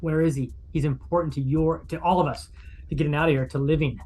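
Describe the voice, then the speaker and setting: A man's voice: fairly high pitch, fairly even intonation, fast talker, a little mellow, faint music behind, lightly acted. A man voicing an earnest male primate resistance fighter, speaking with some hesitation.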